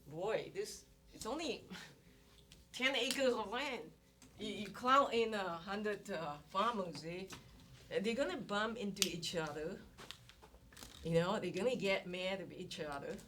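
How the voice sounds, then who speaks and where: A woman's voice: mid-range voice, a bit bright. A woman instructor giving a classroom economics lecture, explaining step by step and asking rhetorical questions. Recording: distant mic with noise and clicks.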